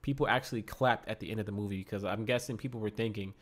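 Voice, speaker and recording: A man with a lowish voice gives his film review in relaxed podcast chat. He sounds upbeat and enthusiastic, and readily agrees with his co-host. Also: very fast, hardly any pauses. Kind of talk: casual movie review chat.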